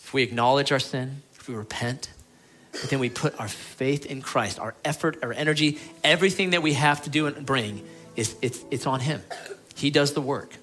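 A pastor gives a sermon at medium pitch and ordinary speed, with faint music playing behind him. He comes across as earnest and pleading, trading emphatic lines for quiet ones.

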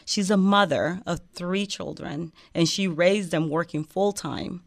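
A woman's voice: on the low side, measured pace, vocal fry, dry recording, studio quality. Earnest woman host. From West Africa. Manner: earnest, emotional, many fillers. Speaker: show host. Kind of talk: heartfelt podcast interview.

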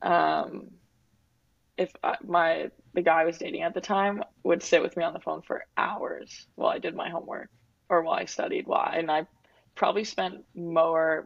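A woman's voice: lowish voice, fairly even intonation, moderate pace, creaky, no echo. A woman in her twenties, a guest athlete talking openly and reflectively in an interview, with lots of "like" and "um". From Winnipeg, Canada. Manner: reflective, open, heavy use of "like" and "um". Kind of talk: candid interview talk. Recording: dull, dry lo-fi recording.

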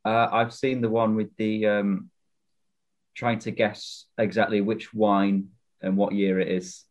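A man co-hosting a podcast, talking in a hesitant, halting way. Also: on the low side, little pitch movement, a little mellow. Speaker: podcast co-host. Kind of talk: casual chat.

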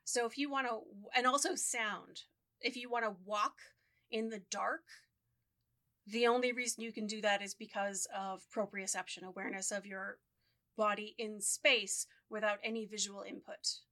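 A woman co-hosting a casual podcast conversation, excitable and quick, explaining ideas with enthusiasm. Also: medium pitch. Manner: excitable, fast, loud-leaning. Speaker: podcast co-host.

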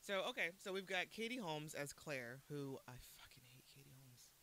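A woman hosts a casual podcast conversation, animated and quick to laugh. Her voice is bright and moves widely in pitch. A faint hiss sits under the recording. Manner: animated, laughing often, swearing. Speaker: podcast host. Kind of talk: casual chat.

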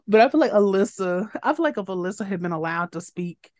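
A woman co-hosting a podcast in casual chat, animated, acting out quoted lines and laughing often. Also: mid-range voice, quick pace, no echo, studio quality. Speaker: podcast co-host.

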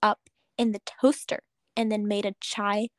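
A woman's voice: medium pitch, level tone, moderate pace, dry recording. Teasing young woman, dry close sound. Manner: teasing, wry asides. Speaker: podcast co-host. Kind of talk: casual chat.

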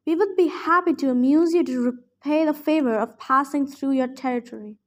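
A woman voicing a smooth young male villain. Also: sits high, normal speed, close to an everyday voice. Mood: scheming. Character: cool scheming young male villain leader.

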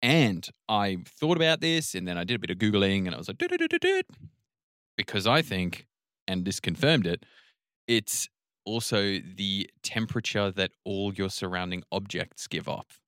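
A man co-hosting a podcast, relaxed and joking, musing at length in casual chat. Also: deep voice, normal speed, clear, resonant tone, no echo, clean studio sound. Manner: relaxed, joking, rambling explanations. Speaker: podcast co-host.

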